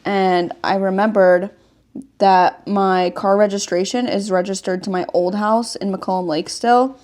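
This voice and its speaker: A woman's voice: mid-range voice, a little mellow. A young woman tells a long story on a casual podcast. She rambles, stacking one "like" after another as she goes. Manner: rambling storytelling, heavy use of "like". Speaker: podcast host. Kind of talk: casual chat.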